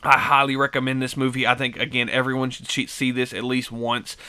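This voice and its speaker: Bright, clear-voiced man rambling about a film. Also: mid-range voice, completely flat delivery, brisk. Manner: rambling, many fillers and restarts. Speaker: movie reviewer. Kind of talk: casual spoken film review.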